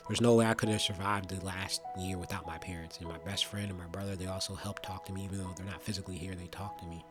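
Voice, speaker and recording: Young man, very deep voice, earnest reflective personal talk, halting, music underneath. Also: steady tone. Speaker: vlogger. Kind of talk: personal testimony monologue.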